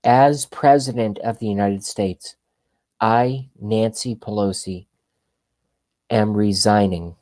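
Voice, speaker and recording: A man's voice: fairly low pitch, fairly even intonation, takes it slowly, darkish tone, dry recording. A man doing a mocking impression of a nasty, drunk elderly woman politician, slurred and sneering. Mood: mock-solemn.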